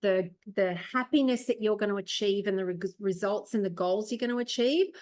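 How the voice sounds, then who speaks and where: A woman's voice: medium pitch, fairly quick, a little mellow. A woman hosting a real estate podcast, giving advice in a rambling, encouraging way with many fillers. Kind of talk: casual chat.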